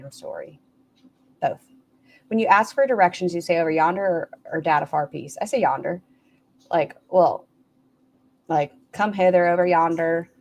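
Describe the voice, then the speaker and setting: A woman's voice: fairly low pitch, darkish tone, slight background noise. A woman hosting a casual livestream, rambling and reading out chat comments as she goes. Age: adult with a son. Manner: rambling, reads and answers chat aloud. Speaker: livestream host. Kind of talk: casual live-stream chat.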